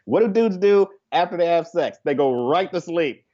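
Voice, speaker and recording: A woman's voice: fairly low pitch, animated, moderate pace, warm tone, dull audio. A woman guest on a comedy talk show, joking in casual chat and acting out voiced quotes. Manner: playful, acts out voiced quotes. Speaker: guest, improv performer.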